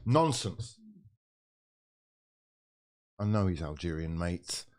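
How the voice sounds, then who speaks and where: A man's voice: low voice, big pitch swings, takes it slowly, a little mellow. Exasperated man ranting through a live match. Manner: exasperated, swears constantly; rants at players and referees. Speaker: football watchalong host. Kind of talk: live match watchalong commentary.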